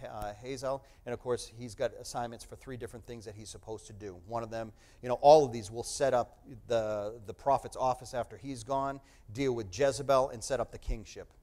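A middle-aged man with a mid-range voice preaches a sermon, reading scripture aloud and explaining it. At times he proclaims loudly, at others he drops to a hush.

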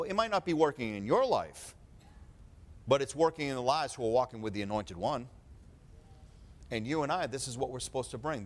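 A male preacher delivering a fervent sermon full of rhetorical questions, swinging between quiet talk and loud preaching. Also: medium pitch.

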